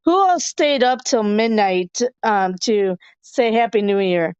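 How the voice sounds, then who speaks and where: A woman's voice: mid-range voice, lively intonation, unhurried, a little mellow, clear, resonant tone, no echo, muffled recording. Chatty, giggly woman podcast host. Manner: chatty, laughs often, many fillers. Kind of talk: casual chat reading viewer comments. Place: hotel room.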